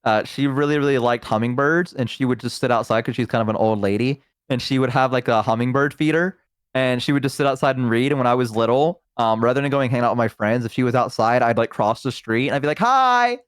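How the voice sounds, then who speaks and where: Rambling mid-pitched man storyteller. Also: fairly even intonation, fast talker, smooth, no room sound, clean studio sound. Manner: rambling, filler-heavy storytelling. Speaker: stream guest. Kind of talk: casual chat.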